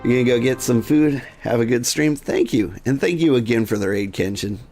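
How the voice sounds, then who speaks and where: A man streaming a game, chatting casually and relaxed with his viewers. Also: mid-range voice, a little fast, soft background music. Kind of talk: casual gaming stream chat.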